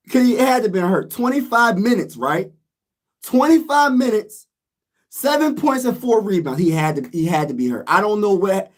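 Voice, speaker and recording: Guy venting hard after his team lost, keeps repeating himself. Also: sits high. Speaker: sports vlogger. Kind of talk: casual sports rant.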